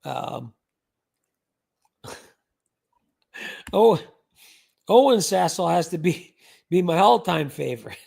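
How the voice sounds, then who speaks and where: An older man chatting loosely on a livestream. He has a fairly high voice with a gravelly, husky grain, and he rambles along with lots of ums and restarts. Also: animated, slow pace, long pauses, a little mellow. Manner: rambling, chatty, full of fillers. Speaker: host. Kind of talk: casual livestream chat.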